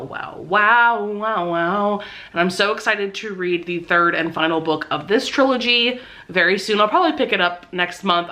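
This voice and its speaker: A young woman vlogging casually about a book she loves, gushing and excitable, swearing freely. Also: lowish voice. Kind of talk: casual reading vlog.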